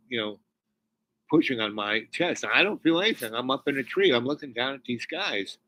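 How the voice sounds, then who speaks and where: A man telling a personal spiritual story in a rambling, halting way, with many restarts, dropping to near whispers when moved. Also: mid-range voice, expressive, sharp tone, low-quality recording. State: tearful near the end.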